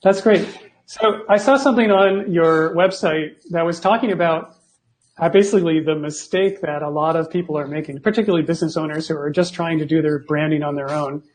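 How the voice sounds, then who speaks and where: A man's voice: on the high side, fairly even intonation, fairly quick. A man hosting an interview, asking casual questions and giving brief friendly affirmations. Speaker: interview host.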